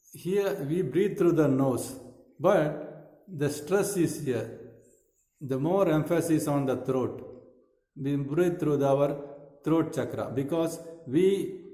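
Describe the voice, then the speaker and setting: Deliberate male yoga teacher, echoey room. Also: medium pitch, mellow. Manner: slow, deliberate explanations with fillers and repeated phrases. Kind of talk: instructional talk on breathing. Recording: echoey room with long reverb.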